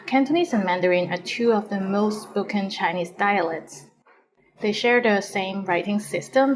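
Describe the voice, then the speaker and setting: A woman teacher presenting a scripted language lesson in a clear, explanatory way. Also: mid-range voice, rough recording.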